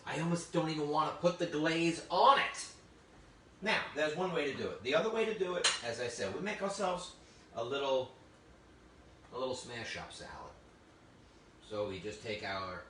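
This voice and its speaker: A man's voice: fairly low pitch, pushed and bright, slight background noise. Chatty, exclamatory man demoing a recipe. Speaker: cooking demonstrator. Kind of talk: live cooking demonstration. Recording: roomy, distant mic with faint ambience.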